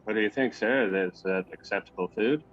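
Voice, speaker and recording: A man's voice: on the low side, a little fast, natural voice. A man voicing a timid, weepy male ship's cook who stammers and apologizes, on a lo-fi recording. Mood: fretful. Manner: stammering, apologetic, close to tears. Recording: lo-fi with faint noise.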